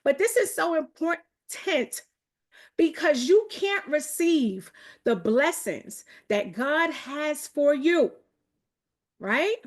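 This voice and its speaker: Fast, energetic, and full of hype, a New York woman with a matching accent hosts a live motivational call online. Her voice sits high as she keeps shouting out to her audience.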